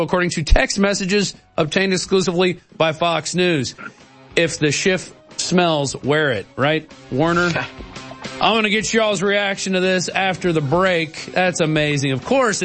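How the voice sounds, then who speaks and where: Male talk host, high voice, sarcastic, over light music. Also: a bit bright. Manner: sarcastic, reading news aloud. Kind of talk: talk show hosting.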